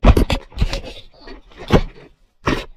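A man with a South African accent, chatting casually as a fishing vlogger outdoors, rambling with lots of fillers. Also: very slow. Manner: relaxed, rambling with many fillers. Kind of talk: casual vlog chat. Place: outdoors at a dam, partly on the water. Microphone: GoPro camera mic. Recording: noisy outdoor camera audio.

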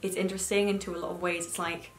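Talking fast in a lowish, level voice, a woman in her twenties chats about books, cursing freely and filling her sentences with "like." Faint music plays in an echoey room.

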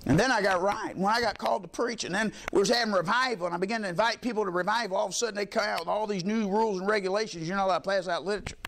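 A man's voice: sits high, very fast, hardly any pauses, a bit bright, slight background noise. A middle-aged man preaching a sermon as pastor, telling folksy stories in plain colloquial speech and dropping frequent amens.

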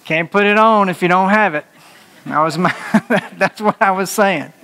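A male pastor preaching a conversational sermon to his congregation, animated and joking, laughing at his own slips of the tongue. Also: high-pitched, normal speed. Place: church sanctuary before a congregation.

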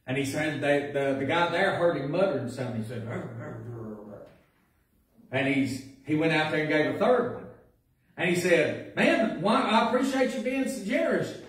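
A pastor preaches in folksy, storytelling fashion, building up to loud, raised passages. His voice sits a little high and is picked up from far back in the church. The room's heavy echo rings around every word. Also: lively intonation, brisk. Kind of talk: sermon. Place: church sanctuary. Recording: echoey church recording from a distance.

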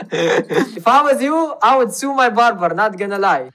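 A man's voice: very high-pitched, sharp tone, a little hiss or hum. A man pranking strangers on a random video chat, mocking and roasting them and laughing often.

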